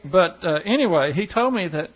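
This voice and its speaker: Husky pastor, rambling and folksy. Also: male voice, sits high, animated, a little fast. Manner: rambling, chuckling, folksy asides. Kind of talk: casual storytelling to a congregation. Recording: dull lo-fi recording.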